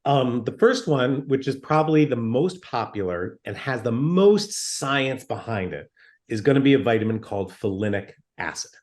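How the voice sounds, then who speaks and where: A man's voice: mid-range voice, lively intonation, normal speed, a little mellow. A man speaking as a doctor in an interview. He explains in an emphatic, teacherly way and uses everyday comparisons. He keeps checking in with his listener as he goes. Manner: emphatic, explains with plain examples and "okay" check-ins. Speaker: physician guest.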